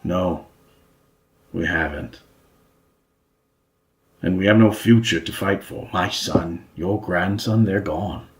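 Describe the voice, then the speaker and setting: A man's voice: low voice, slow, long pauses. A man doing a weary grieving old king. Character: weary aging human king, grieving and proud.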